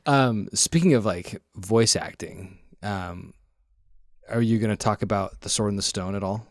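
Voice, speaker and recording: A man on a podcast in casual chat, joking and chiming in with quick asides. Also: on the low side, no room sound, studio quality.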